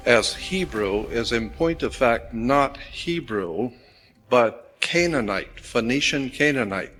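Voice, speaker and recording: A man giving a measured, explanatory talk with deliberate pauses. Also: mid-range voice, sharp tone. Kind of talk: explanatory lecture.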